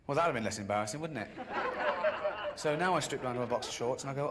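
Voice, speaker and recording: A man delivers stand-up on a big live stage. He tells his stories deadpan, then jumps into shrill, indignant outbursts. His voice sits mid-range, and clear audience noise hangs behind him. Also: fast talker. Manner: deadpan storytelling with sudden high-pitched outbursts. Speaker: stand-up comedian. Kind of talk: stand-up routine.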